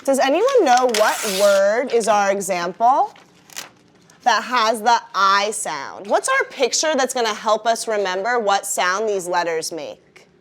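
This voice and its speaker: A woman's voice: medium pitch, slight background noise. A woman teaching a first-grade phonics lesson in a classroom, leading the class in call-and-response. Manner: animated, drawn-out teacher voice with call-and-response prompts.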